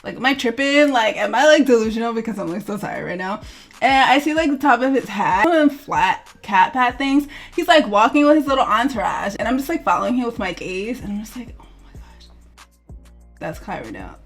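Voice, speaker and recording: A young woman model telling a storytime vlog in a chatty, animated way, full of "like" fillers and acted-out quotes. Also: mid-range voice.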